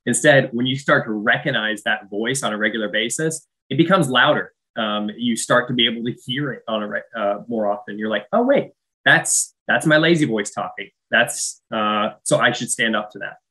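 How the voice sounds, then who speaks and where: Guy with a bright sharp voice, thinking out loud, lots of uhs. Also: on the low side, fairly even intonation, a little fast, hardly any pauses, low-quality recording. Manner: thoughtful, hesitant, many uhs. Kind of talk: casual chat.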